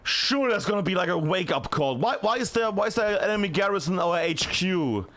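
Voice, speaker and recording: A man giving live play-by-play commentary on a video game match, chatty and excitable with many fillers. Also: high voice, brisk. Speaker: esports caster.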